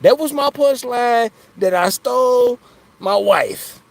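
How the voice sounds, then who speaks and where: Slow and expressive, this man's very high-pitched, gravelly voice carries a jokey livestream where he chats freely with viewers, laughs a lot, and often asks "you know what I'm saying." The recording is dry and the audio poor.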